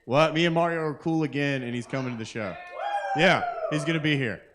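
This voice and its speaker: A man's voice: on the high side, a little fast, background noise. A man hosting a live open mic, doing rambling, self-interrupting crude stand-up to the crowd at a kava bar. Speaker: comedian and open mic host.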